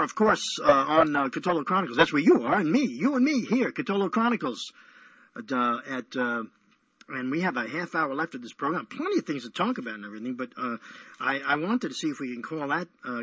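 Rambling, husky-voiced male radio host. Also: mid-range voice, fairly bright tone, no room sound. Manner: playful, rambling, teasing. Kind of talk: casual call-in radio chat. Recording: dull lo-fi radio audio.

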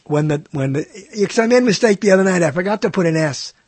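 A man's voice: sits high, expressive, quick pace, a little mellow, no echo. A man hosting a radio show alone, talking in a rambling, digressive, self-mocking way. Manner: digressive, self-mocking, puts on silly voices. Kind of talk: rambling solo radio talk.

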